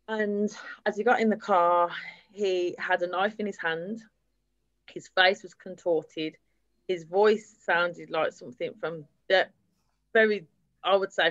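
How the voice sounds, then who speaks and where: Speaking in a lowish voice, a survivor shares her story at a public event, recounting her experience candidly and steadily with some fillers. The recording is dry and lo-fi.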